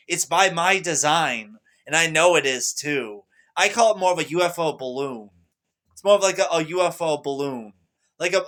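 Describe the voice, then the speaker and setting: Young male vlogger, boastful rambler, bright voice pitched slightly high. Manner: boastful, rambling, excitable, repeats himself. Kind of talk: rambling monologue to camera.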